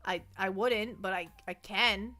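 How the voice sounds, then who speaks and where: A woman's voice: medium pitch, fairly even intonation, a little slow, pushed and bright, faint music behind. A young woman chatting casually on a livestream, rambling and self-deprecating, often tripping over and repeating her words into a close desk mic. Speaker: VTuber streamer.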